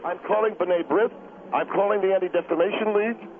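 A man's voice: high-pitched, steady tone, a little fast, over a noisy crowd, voice pushed up, close to an everyday voice. A man voicing a pompous, heavyset male advocacy spokesman who is breathless, indignant and stammering. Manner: stammering, flustered, self-important. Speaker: studio guest on phone. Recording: tinny phone line with hiss.

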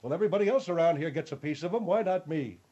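A man's voice: fairly high pitch, animated, racing, warm tone, breathy edge, muffled recording, pitched above the performer's own voice. General, a man doing a grumbling old soldier. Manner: grumbling, interrupting. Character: gruff old military man called General.

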